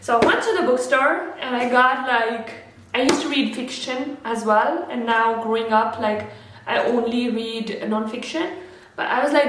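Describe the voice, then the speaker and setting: A young woman with a slightly high voice talks to camera in a casual, earnest way, often stopping to restart a thought. The room is very echoey, and a faint noise runs underneath. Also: moderate pace. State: a little out of breath. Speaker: lifestyle vlogger.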